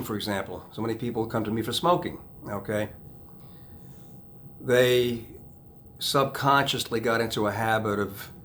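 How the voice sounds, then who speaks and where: A man who works as a hypnotist, talking casually to camera about self-help, rambling and restarting sentences, repeating key phrases, and dropping to a soft low "okay?" after each point. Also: a little hiss or hum.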